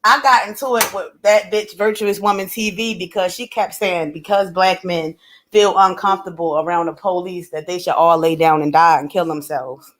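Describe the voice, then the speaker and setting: A woman's voice: lowish voice, steady tone, normal speed. A woman co-hosting a live stream in casual chat, talking bluntly and with animation, swearing freely and laughing often. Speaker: livestream co-host.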